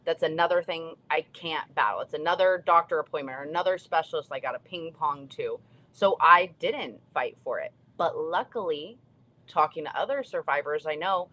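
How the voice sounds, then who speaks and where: A woman's voice: fairly low pitch, fairly bright tone. A young woman co-hosting a casual talk show, speaking in an earnest, reflective way. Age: young adult. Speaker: co-host, stroke survivor. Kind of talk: casual chat.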